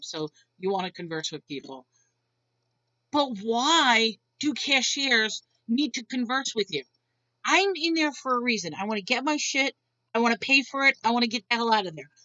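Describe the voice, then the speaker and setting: A woman vents to camera in a blunt, exasperated rant, swearing freely. Her voice is bright and forceful, pitched a little high. The sound is dull, lo-fi and dry. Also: no echo. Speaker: vlogger.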